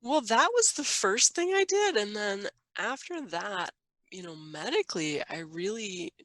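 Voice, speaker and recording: A woman's voice: mid-range voice, big pitch swings, measured pace, fairly bright tone, no room sound. A woman telling her own story on a podcast, casual and chatty with lots of fillers. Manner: chatty, frequent fillers and laughter. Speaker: podcast guest, mother.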